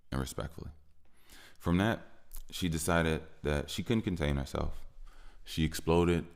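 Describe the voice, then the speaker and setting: A man with a deep voice, hosting a podcast and venting frustrated in a personal monologue, repeating himself and growing heated at times. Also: creaky. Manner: frustrated, repetitive, rising into heated stretches. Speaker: podcast host.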